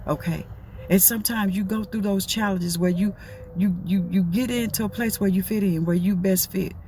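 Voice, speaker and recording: A woman's voice: medium pitch, fairly even intonation, normal speed, warm tone, slight background noise. A middle-aged woman giving a casual, preachy motivational talk, folksy and repetitive. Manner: folksy, preachy, repeats herself. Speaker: motivational talker.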